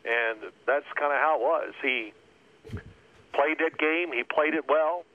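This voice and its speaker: Male guest, former quarterback, heard over a tinny phone line; lively storyteller who acts out the voices. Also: fairly high pitch, a little slow. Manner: animated storyteller acting out coaches' shouting. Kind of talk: telling stories in a radio interview.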